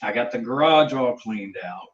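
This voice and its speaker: Folksy guy chatting on a livestream, lively voice, kinda dull lo-fi sound. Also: mid-range voice, moderate pace, recorded from a distance. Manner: joking, folksy. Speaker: co-host of a live stream. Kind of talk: casual chat.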